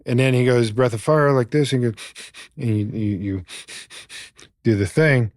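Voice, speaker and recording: Animated storytelling man, mid-pitched. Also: unhurried, no room sound, clean studio sound. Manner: animated, acts out quoted lines, swears. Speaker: podcast guest. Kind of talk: casual storytelling.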